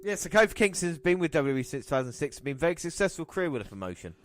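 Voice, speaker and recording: On his wrestling podcast, a host chats casually and calls the match play by play, racing along in a fairly high, sing-song voice. Soft music plays in the background.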